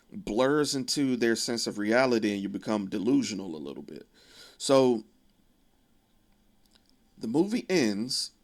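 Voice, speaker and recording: A man casually recapping a film's plot, animatedly quoting the characters as he goes. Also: creaky. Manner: animated retelling, quoting characters with raised pitch. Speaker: video essayist. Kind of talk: casual film recap commentary.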